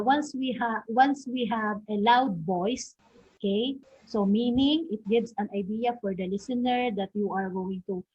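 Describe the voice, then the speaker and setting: A woman's voice: mid-range voice, darkish tone, husky. A woman teacher with a Filipino English accent giving a classroom lecture, saying "okay" constantly and restarting her phrases. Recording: dull lo-fi recording.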